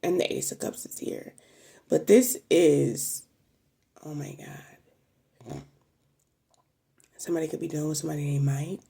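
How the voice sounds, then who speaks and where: A woman's voice: low-pitched, fairly even intonation, a little slow, vocal fry, pauses often, warm tone, husky. A woman giving a casual, emotional tarot reading straight to her viewers, chatting freely and swearing now and then. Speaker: tarot reader.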